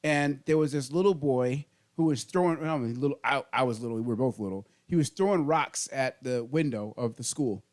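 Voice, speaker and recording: A middle-aged man, the podcast host, telling childhood stories in casual, animated chat. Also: medium pitch, fairly quick, hardly any pauses. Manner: animated storyteller, laughing through funny stories.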